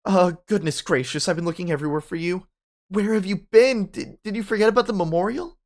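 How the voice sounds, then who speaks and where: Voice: medium pitch, moderate pace, fairly bright tone, pitched above the performer's own voice, close to an everyday voice. A narrator voicing a flustered woman school principal who stammers and scolds. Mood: flustered scolding.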